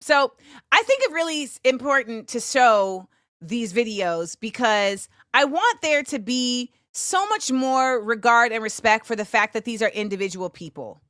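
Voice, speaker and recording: A woman in her forties hosts a solo commentary show, talking slowly and emphatically and often pausing on fillers. Her voice is bright and sits a little high. The sound is dry and close. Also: very animated, dry recording. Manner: conversational and emphatic, with frequent fillers and laughter. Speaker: host.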